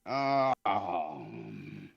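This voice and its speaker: A man hosting a livestream while sharpening knives, talking in an easygoing, halting way. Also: very deep voice, huge pitch swings, creaky, slightly rough, lo-fi sound. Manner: easygoing, halting, many fillers. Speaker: knife sharpener and stream host. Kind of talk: casual livestream chat.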